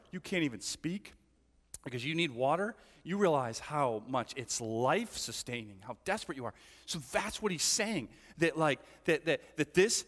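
A man's voice: a little high, fairly bright tone. A man preaching a sermon as a pastor, telling stories in a conversational way and often asking his listeners "right?". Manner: conversational storytelling with frequent "right?" asides. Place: church hall. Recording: long church hall reverb.

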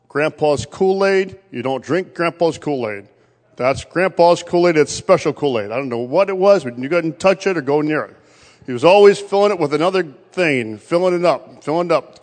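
A man preaching a sermon, telling a family story and quoting his relatives along the way. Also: a little high. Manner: storytelling, quotes family members in his own voice. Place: church. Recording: long reverb of a church hall.

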